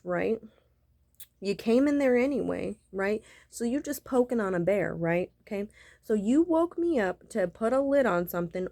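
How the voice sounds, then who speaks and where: A woman's voice: medium pitch, darkish tone, dry recording, clean studio sound. An irritated woman ranting profanely about being woken up, repeating "right?" between points. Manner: profane, repetitive, keeps asking "right?". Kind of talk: angry rant to camera.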